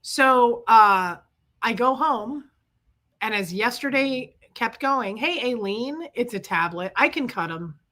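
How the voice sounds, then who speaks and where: A middle-aged woman telling a story to her viewers. She is sick with chest congestion and rants in animated bursts, stopping to greet viewers by name. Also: fairly high pitch, slow. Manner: ranting, animated storytelling, reading out viewer names. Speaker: livestream host. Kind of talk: casual chat to viewers.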